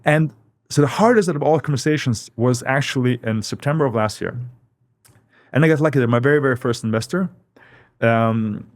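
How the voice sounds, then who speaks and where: Speaking slightly fast at a medium pitch, this podcast guest shares how he founded his company in a casual interview. He muses as he talks and leans on repeated words to stress his points.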